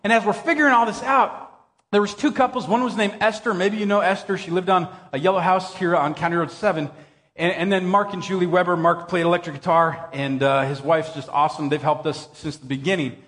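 A middle-aged man preaching a sermon as pastor, conversational and animated, telling jokey stories with bursts of shouting. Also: high-pitched, fairly quick. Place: church hall. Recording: long hall reverb.

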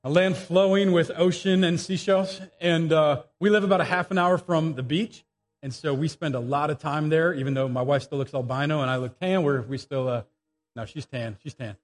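A man's voice: a little high, moderate pace. A middle-aged man preaching an informal sermon full of personal stories and jokey asides, live in a church. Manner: chatty, animated, jokey asides. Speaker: guest pastor. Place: church sanctuary. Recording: live church audio with long reverb, faint music.

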